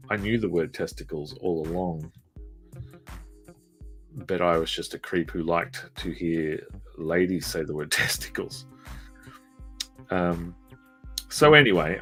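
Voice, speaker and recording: A man's voice: sits low, sharp tone. A man streaming live while he draws, telling a rambling, self-deprecating story full of fillers. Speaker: streamer and artist.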